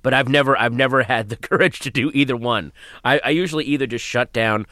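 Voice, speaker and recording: Thoughtful low-voiced man comedian. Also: quick pace, dry recording. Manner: thoughtful, trails off, drops to soft quiet asides. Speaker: comedian guest. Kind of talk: interview answers.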